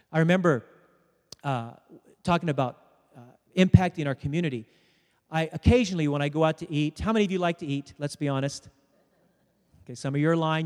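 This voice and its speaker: High-voiced preacher in an echoing hall. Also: male voice. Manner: storytelling, animated, joking with congregation. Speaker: pastor. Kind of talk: sermon. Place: church sanctuary. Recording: preached in a hall with long reverb.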